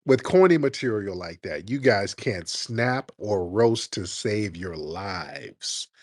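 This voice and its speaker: A man's voice: lowish voice, expressive, no echo. Combative, mocking male stream host. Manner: combative, mocking, rapid-fire insults. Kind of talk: live call-in stream debate.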